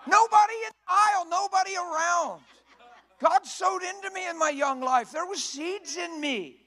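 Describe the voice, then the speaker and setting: High-voiced, fiery male preacher. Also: normal speed. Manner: emphatic and folksy, often rising to a shout. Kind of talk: sermon. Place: church.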